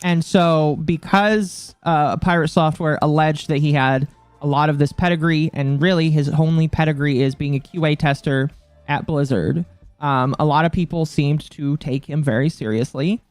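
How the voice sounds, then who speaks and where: A man's voice: a little high, fairly even intonation, normal speed, no room sound, faint music behind. A man co-hosting a live stream, giving blunt opinions and swearing casually. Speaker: streamer co-host.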